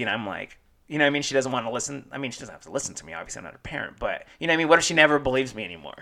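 A man's voice: mid-range voice, expressive, very fast, creaky, bright, forceful tone. A man in his thirties co-hosting a casual chat show, telling jokey stories and acting out what people said. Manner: joking storyteller, acts out quotes. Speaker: podcast co-host.

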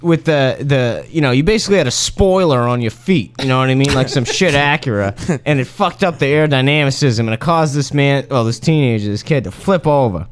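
A man running a comedic tabletop role-play as game master, telling the scene in a casual, profane, animated way. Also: mid-range voice, slight background noise.

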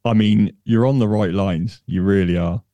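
A man's voice: fairly low pitch, moderate pace, mellow, no room sound, dull audio. A man co-hosting a podcast and running a quiz, with dry humour and hesitant restarts. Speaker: podcast co-host, quizmaster. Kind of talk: casual chat, running a quiz.

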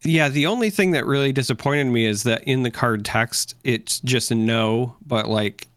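A man's voice: mid-range voice, normal speed, fairly bright tone, no echo, studio quality. A man co-hosting a podcast, chatting casually and joking with playful impressions. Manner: easygoing, jokes with playful impressions. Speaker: podcast co-host. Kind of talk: casual chat.

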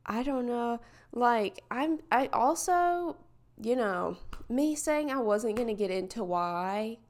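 Solo podcast host, woman; slow, meandering, candid delivery with a smooth, clean voice. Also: medium pitch. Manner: hesitant, rambling, filler-heavy; reflective and candid. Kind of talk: casual solo podcast talk.

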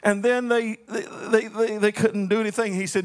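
A male pastor delivering a sermon. His preaching is dramatic, swinging between shouted peaks and low, quiet passages, and he tells the story in a folksy, playful way with calls to the congregation. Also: level tone, moderate pace.

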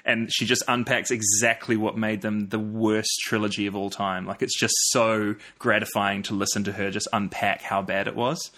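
A man's voice: lowish voice, flat delivery, normal speed, few pauses, pushed and bright. A man with a New Zealand accent, a podcast guest chatting casually with many fillers, restarts and easy laughter. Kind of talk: casual chat.

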